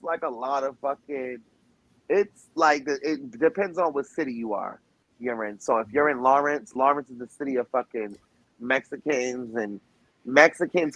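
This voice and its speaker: A man's voice: medium pitch, a bit bright, dry recording, low-quality recording. A man with a Boston accent talking casually as a guest, rambling with lots of swearing and restarts. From Boston area. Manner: loose, rambling, heavy swearing, many restarts. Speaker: guest, former reality show cast member. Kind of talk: casual profane chat.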